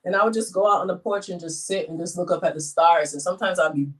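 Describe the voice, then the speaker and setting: A woman guest telling personal stories in a casual, emotional, animated way, with wide swings in how she speaks. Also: fairly low pitch, fast talker. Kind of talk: casual storytelling. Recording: voice a bit far from the mic.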